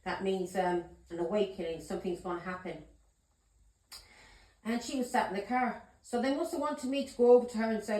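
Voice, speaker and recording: A woman's voice: on the high side, fairly quick, a little mellow. Emphatic storytelling woman in echoey room. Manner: emphatic, swears, keeps asking "yeah?" and "do you understand me?". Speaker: tarot reader. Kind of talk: casual storytelling to camera.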